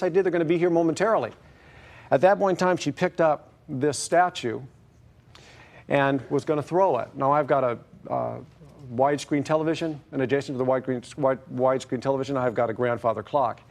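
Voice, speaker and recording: A middle-aged man telling his story in court, halting and full of fillers. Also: medium pitch. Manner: hesitant, halting, many fillers. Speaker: plaintiff. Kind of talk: testimony in court.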